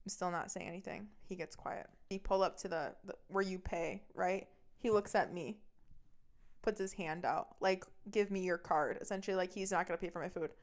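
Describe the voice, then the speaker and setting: A woman hosting a podcast, telling a personal story with heavy swearing and a heated, fast delivery. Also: lowish voice, steady tone. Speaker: podcast host.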